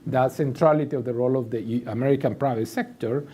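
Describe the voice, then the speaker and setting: A man's voice: mid-range voice, fast, dark tone, husky. A man speaking as a panelist in a policy discussion, making an emphatic, structured argument.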